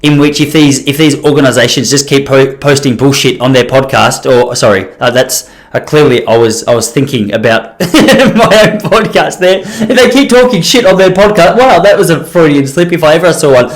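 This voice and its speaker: A man's voice: on the high side, moderate pace, hardly any pauses. A man hosting a solo podcast, rambling and self-deprecating, with many restarts. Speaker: podcast host.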